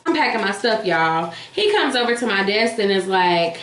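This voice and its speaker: A woman's voice: medium pitch, moderate pace, hardly any pauses. Blunt storytelling woman vlogger. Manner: animated, blunt, profane, addresses viewers as y'all. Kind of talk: casual storytime chat. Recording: echoey room with faint hiss.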